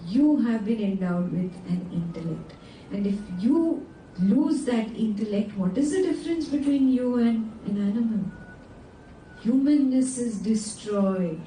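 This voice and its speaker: Animated woman teaching a class, echoey room. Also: fairly high pitch, distant mic, slight background noise. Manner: animated, asks the class frequent check-in questions. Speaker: scripture teacher. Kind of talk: teaching a class on a sacred text. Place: indoor class room with students.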